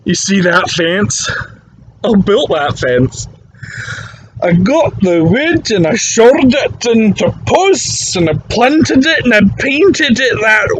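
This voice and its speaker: A man playing a bitter, boastful old drunk in a pub, with a loud, aggrieved, high-pitched delivery. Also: a little hiss or hum, heavily acted, low-quality recording.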